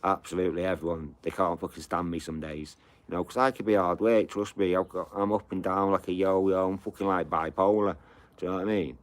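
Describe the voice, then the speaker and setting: A man's voice: low voice, fairly even intonation, fairly quick. A middle-aged man, rambling and swearing through a casual live chat with his viewers from home, padding every line with "you know". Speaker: live streamer.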